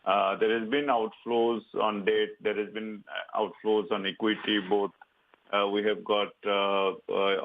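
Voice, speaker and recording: A man with an Indian English accent, a bank treasury advisor, answering on the phone with many halting fillers. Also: fairly low pitch. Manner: hesitant, many filler sounds. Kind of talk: interview answer on currency. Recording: tinny phone line.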